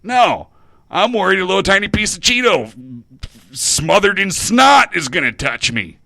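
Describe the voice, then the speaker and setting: Jittery man rambling on a bright dry mic. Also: high voice, sing-song, measured pace, creaky, no echo. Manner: nervous, self-interrupting, restarts often. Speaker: internet radio host. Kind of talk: rambling confessional monologue.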